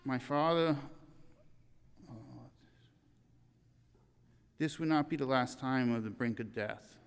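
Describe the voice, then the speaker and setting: An older man giving a eulogy in a church, reading in an earnest, halting way with restarts. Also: medium pitch, clean tone, in a large hall.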